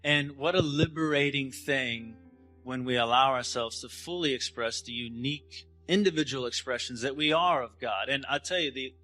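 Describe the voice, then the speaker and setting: Bright-voiced man giving a spiritual talk. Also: mid-range voice, soft background music, poor audio. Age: 30s. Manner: gentle, halting, with frequent restarts and laughs. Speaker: spiritual speaker.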